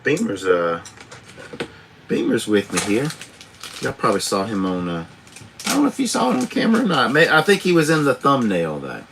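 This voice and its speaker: A man's voice: medium pitch, wildly swooping pitch, normal speed, gravelly, long pauses, noisy background. A man, a truck driver chatting casually and rambling on a live stream, swearing freely, chuckling often, recorded on a tablet camera.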